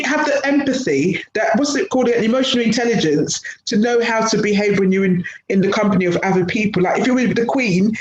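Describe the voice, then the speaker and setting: A middle-aged woman, a guest speaker on a webinar, talking earnestly and telling anecdotes over a video call. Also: medium pitch. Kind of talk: webinar talk. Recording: roomy, dull video-call audio, faint noise.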